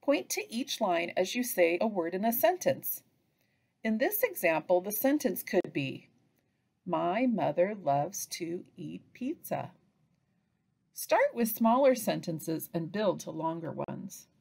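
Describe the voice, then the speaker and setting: A woman giving an instructional training narration for early reading teachers, pausing to chant example phrases. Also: medium pitch, vocal fry, husky. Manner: slow, lively delivery with chanted example phrases.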